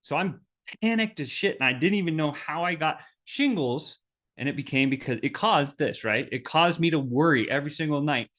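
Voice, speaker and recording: A man hosting a business podcast, telling a personal story in a lively, animated way and acting out the voices of the people in it. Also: a little high, moderate pace. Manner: animated, acts out quoted voices. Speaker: podcast host.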